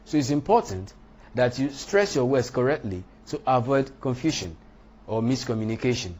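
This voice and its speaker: Husky guy teaching pronunciation, slow and careful, voice goes up and down a lot. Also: mid-range voice, lively intonation. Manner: deliberate, stresses demonstration words loudly. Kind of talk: lecture on English pronunciation.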